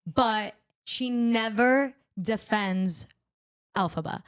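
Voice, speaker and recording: A woman's voice: fairly high pitch, takes it slowly, clear, resonant tone. A woman hosting a podcast in casual chat, talking emphatically and full of fillers. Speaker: podcast host.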